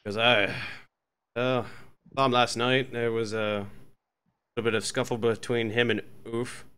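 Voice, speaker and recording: A man's voice: mid-range voice, flat delivery, unhurried, a bit bright, clear, resonant tone, lightly acted. A man voicing a blunt tavern bartender. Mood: chatty. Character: gruff friendly male tavern bartender.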